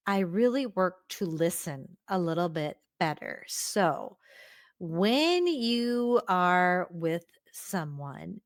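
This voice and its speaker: A middle-aged woman hosts a solo podcast, speaking earnestly and encouragingly to listeners in a close, reflective way. Her voice is lowish, and the recording is dry.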